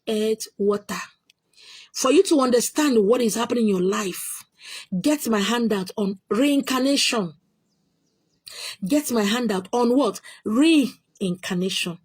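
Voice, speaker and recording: On her own video channel, a Nigerian spiritual teacher with a Nigerian accent responds to viewers' questions insistently and emphatically, going over her points again and again. Her mid-range voice is slightly rough and a little mellow, with no room sound.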